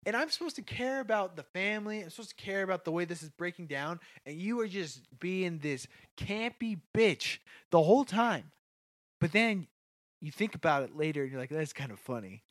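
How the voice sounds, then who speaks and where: A man co-hosting a podcast in a casual, animated movie discussion, laughing often and swearing casually. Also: high voice, normal speed, no room sound.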